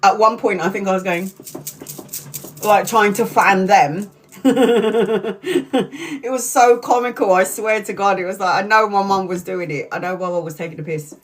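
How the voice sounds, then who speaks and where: A woman's voice: mid-range voice, a little slow. A middle-aged woman tarot reader on a live stream, telling a story with lots of swearing and laughter.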